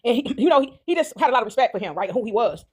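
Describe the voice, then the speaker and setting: A woman rattles off a casual reflection on Bible stories at a very fast clip, in a slightly high voice. She rambles, tosses in "right?" and "y'all" every few words, and laughs often as she talks. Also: animated, breathy edge. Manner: laughs often while telling. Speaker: video creator sharing faith reflections.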